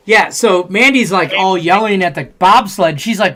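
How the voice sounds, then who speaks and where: A man's voice: high-pitched, normal speed. Profane, rambling man talking sports bets. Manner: rambling, profane, animated storytelling. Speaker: podcast co-host. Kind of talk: casual sports betting chat.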